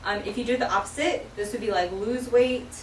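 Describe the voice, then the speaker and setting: A woman's voice: on the high side, fairly quick, slight background noise. A woman teaching a sign language vocabulary lesson in a classroom, explaining each sign patiently, step by step, with many fillers. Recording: echoey classroom from far off.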